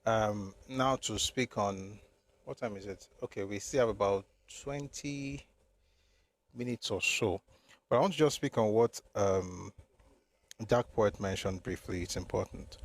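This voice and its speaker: Male host with a low voice, reads book passages in a measured way. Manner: measured, reads passages then stresses key figures. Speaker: host of a live discussion. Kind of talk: casual talk and reading aloud from a book.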